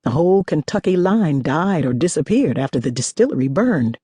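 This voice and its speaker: A woman voicing a blunt, determined male whiskey collector in an audiobook reading, lowering her voice for him. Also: big pitch swings, normal speed, dark tone, breathy edge, no room sound, exaggerated voice. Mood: wary. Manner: blunt, exasperated.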